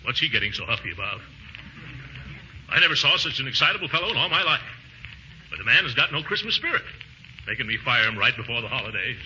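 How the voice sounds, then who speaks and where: An actor playing a pompous, easily flustered middle-aged uncle, blustering in 1940s radio comedy style, with sudden high whoops. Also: male voice, very animated, quick pace, long pauses, bright, forceful tone. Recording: scratchy dull 1940s radio broadcast with faint hiss.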